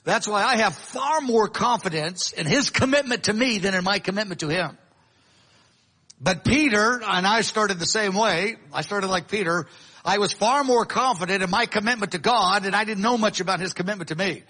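Guy preaching a sermon, kinda high bright voice, chatty, lots of restarts. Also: moderate pace, husky, poor audio. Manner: conversational with many restarts and acted quotes. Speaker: pastor. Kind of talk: sermon teaching.

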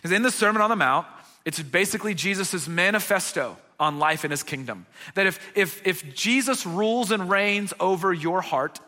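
A man's voice: sits high, expressive, normal speed, bright, forceful tone, long reverb tail. A man preaching a sermon as pastor, conversational and earnest, often checking in with his listeners. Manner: conversational preaching with frequent "okay?" check-ins.

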